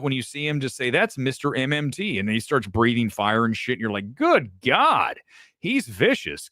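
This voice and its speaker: Guy hosting a live talk show, pitch jumping all over, cussing a lot, dry close mic. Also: no room sound. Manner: animated, swearing, jumps between topics. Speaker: host. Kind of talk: casual live commentary show.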